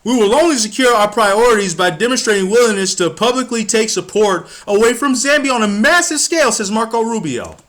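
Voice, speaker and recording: This US man's voice sits high and sounds a bit bright; he's animated, fairly quick, and barely pauses. A political commentator, he rants about politics in a heated, profane way, stumbling and restarting as his anger builds.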